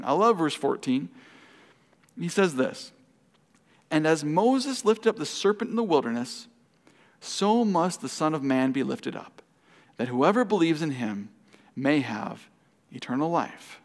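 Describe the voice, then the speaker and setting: A man preaches at a Bible study. He reads a passage aloud, then unpacks it with questions to the room. His voice sits a little high and has a gravelly fry, carried by the long echo of a church hall. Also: animated, unhurried, long pauses. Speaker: pastor. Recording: hall reverb.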